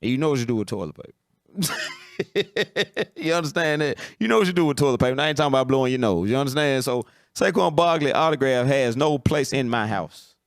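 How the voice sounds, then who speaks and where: A man's voice: medium pitch, fast talker. A man hosts a casual football talk stream, blunt and opinionated. His voice sits mid-range. The recording is dry, with no room echo. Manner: blunt, opinionated, keeps asking "you understand?". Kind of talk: casual sports commentary.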